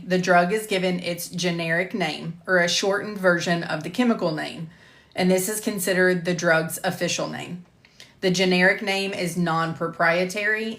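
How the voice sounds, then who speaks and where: A woman's voice: on the low side, fairly bright tone. A middle-aged woman with a light Southern US accent, recording a pharmacology lecture for a medical coding course and breaking off into chatty asides about her mistakes. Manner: reads slides carefully, then chats with self-deprecating asides and laughter. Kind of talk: recording a scripted lecture on a live stream.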